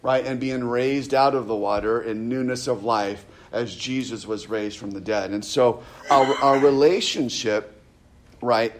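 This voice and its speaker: A man's voice: medium pitch, a little slow, noisy background. A man preaching a sermon, often stopping short to repeat words and asking "right?" after his points. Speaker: pastor.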